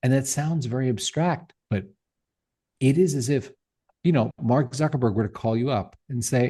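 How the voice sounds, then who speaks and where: A man's voice: mid-range voice, moderate pace, warm tone, breathy edge. A middle-aged man speaking as a podcast guest, talking passionately and emphatically with rhetorical questions. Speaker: podcast guest, tech founder. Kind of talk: animated interview talk.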